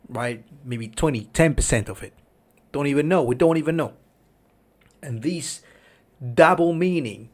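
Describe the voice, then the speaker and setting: Slow, emphatic man. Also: medium pitch, darkish tone. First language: Spanish. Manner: emphatic, often asks "right?". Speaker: livestream host. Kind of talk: casual commentary.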